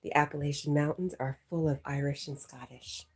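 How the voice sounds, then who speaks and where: A woman's voice: sits low, steady tone, a little fast, darkish tone, husky. A woman hosting a livestream, chatting casually and teasing as she reads viewer comments aloud, laughing often. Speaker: livestream host.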